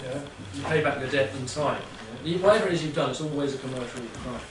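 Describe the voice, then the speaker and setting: This is casual talk to a live audience: a man of medium pitch speaks fast and rambles, frequently tossing in "yeah?". The recording comes from a distant mic in an echoey room with an audience, with faint noise.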